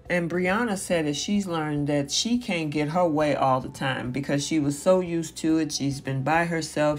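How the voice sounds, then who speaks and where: A host giving a casual spoken recap of a reality TV episode, paraphrasing what the cast said and filling pauses with "um" and "you know". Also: medium pitch. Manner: chatty, paraphrasing with frequent fillers.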